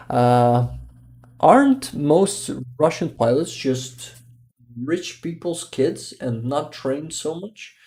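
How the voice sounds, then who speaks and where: Casual: guy reading his stream chat, slow, lots of ums. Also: on the high side, animated, a little mellow. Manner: halting, searches for words, many fillers. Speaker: livestream host reading chat.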